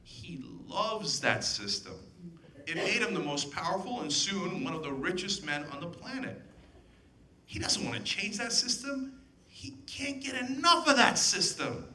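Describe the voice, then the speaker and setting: Guy giving a heated speech, bright sharp voice, goes up and down a lot, sarcastic questions. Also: high voice, very animated, a little slow, a little hiss or hum. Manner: emphatic, sarcastic rhetorical questions. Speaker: political commentator giving a speech. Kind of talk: impassioned public speech. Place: event hall with audience.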